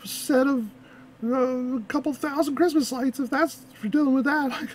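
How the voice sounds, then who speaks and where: A young woman hosting a reaction video, chatting casually, laughing often, and rambling through animated anecdotes. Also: sits high, normal speed, a little hiss or hum.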